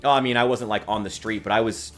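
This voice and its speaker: A man's voice: lowish voice, fairly even intonation, fast, a bit bright, faint music behind. A man giving rambling casual commentary on a stream, angry and swearing, often stopping to restart his sentences. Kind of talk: casual commentary reacting to news.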